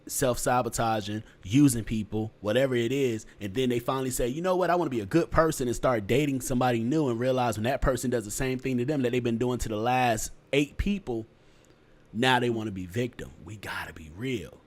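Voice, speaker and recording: A man's voice: mid-range voice, a little fast. Blunt, profane man giving relationship advice. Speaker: podcast host. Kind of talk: casual podcast chat.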